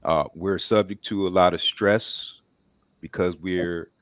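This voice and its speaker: A low-voiced man talks on a panel in a measured, preaching way. He pauses often on fillers as he builds his points. His voice is close and dry, with no room sound. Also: steady tone, no room sound.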